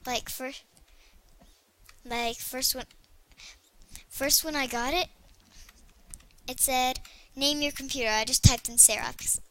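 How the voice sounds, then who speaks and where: A young female gaming video creator chatting excitably to herself while she plays. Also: high-pitched, slow pace, long pauses. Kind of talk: casual gameplay commentary.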